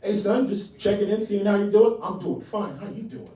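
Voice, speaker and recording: A man's voice: sits high, lively intonation, fairly quick, darkish tone, very echoey, recorded from a distance. A man voicing his father, a firm older man who lectures yet stays loving. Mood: affectionate.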